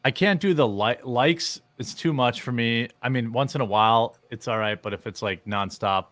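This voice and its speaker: A man's voice: mid-range voice, normal speed, fairly bright tone, dry recording. A man hosting a casual livestream, rambling and joking with frequent laughter. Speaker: streamer host.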